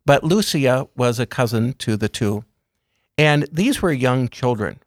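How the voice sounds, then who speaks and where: A man speaking as a guest in an interview, explaining calmly with a measured, gentle storytelling manner. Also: medium pitch, no echo, clean studio sound. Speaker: guest speaker on religious topics. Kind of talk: calm explanatory interview talk.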